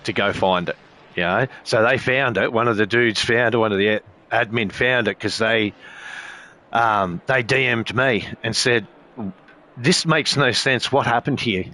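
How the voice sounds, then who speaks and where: Man, sim racing streamer, casual rambling chat, lots of swearing, forceful bright tone. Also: lowish voice, normal speed. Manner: rambling, heavy swearing, frequent filler phrases.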